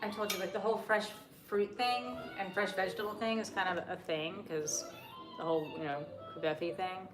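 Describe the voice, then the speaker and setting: A woman's voice: medium pitch, fairly even intonation, moderate pace, roomy sound, music in the background, low-quality recording. A woman from Boston chatting in her home kitchen, wry and rambling, swearing casually. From Boston, United States. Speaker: co-host and wife.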